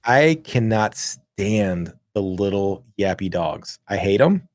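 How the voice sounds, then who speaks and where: A man's voice: on the low side, expressive, slow, darkish tone, no echo. A man co-hosting a podcast in casual chat, ranting with exaggerated complaints. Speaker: podcast co-host.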